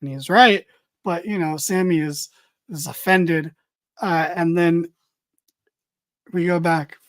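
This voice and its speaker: A woman's voice: lowish voice, slow. A woman giving a casual, opinionated wrestling recap, blunt and swearing freely as she reads viewer comments. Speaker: wrestling show reviewer.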